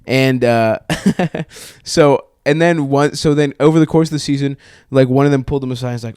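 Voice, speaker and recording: A man's voice: mid-range voice, steady tone, brisk, a little mellow, clean tone, no room sound, studio quality. Rambling, crude male podcast storyteller. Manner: rambling, crude, with many restarts and laughs. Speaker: podcast co-host. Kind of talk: casual storytelling chat.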